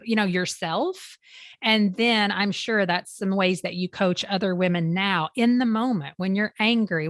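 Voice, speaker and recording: A woman hosts a podcast, attentive and affirming as she asks her guest questions. Her voice sits slightly low. The sound is dry and close. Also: no room sound. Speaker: podcast host. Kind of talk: casual podcast interview.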